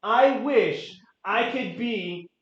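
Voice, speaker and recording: A man in his late thirties presenting a real estate market update to a room, energetic and quizzing the audience. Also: high-pitched, extremely slow. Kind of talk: interactive office presentation. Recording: echoey room, dull lo-fi sound.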